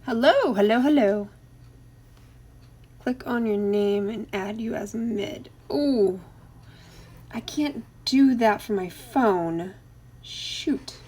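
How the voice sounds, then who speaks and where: This is a middle-aged woman chatting on her own live stream, reading out names of viewers and laughing between lines. Her voice sits a little high, and she talks at an unhurried, slow pace. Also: warm tone. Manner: greets viewers by name, laughs often. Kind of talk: casual live stream chat.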